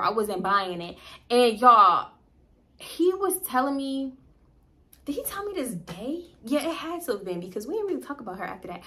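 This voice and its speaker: A young woman telling a personal story to her viewers, animated and profane, with frequent bursts of laughter. Her voice sits on the higher side, with a bright, forceful edge. Her volume swings from hushed asides to loud outbursts. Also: moderate pace. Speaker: storytime vlogger. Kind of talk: casual storytelling to camera.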